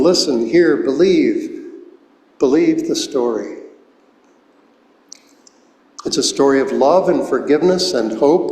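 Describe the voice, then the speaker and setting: A man in his seventies preaching a sermon as pastor, explaining words slowly and deliberately, recorded in a church sanctuary. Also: fairly high pitch, darkish tone. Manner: slow, deliberate, explains Greek words one at a time. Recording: echoey church hall, long reverb.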